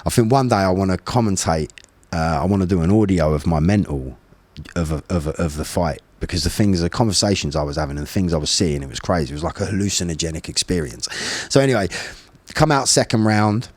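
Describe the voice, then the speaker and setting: A man in his forties telling a story in a casual podcast conversation, animated and blunt, with plenty of swearing. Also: sits low, quick pace, no echo. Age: 40s. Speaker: podcast guest, former bare-knuckle fighter.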